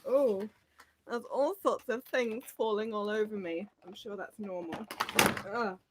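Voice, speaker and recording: A woman's voice: mid-range voice, unhurried, very noisy. Rambling, giggly woman livestreaming. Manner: chatty and rambling, giggly, lots of fillers. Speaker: teacher livestreaming to viewers. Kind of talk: casual livestream chat, reading out comments.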